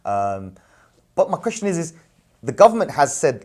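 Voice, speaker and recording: Businessman host, casual chat, emphatic and animated, keeps repeating his points. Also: on the high side, moderate pace. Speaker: businessman and parent, show host. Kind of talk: casual discussion.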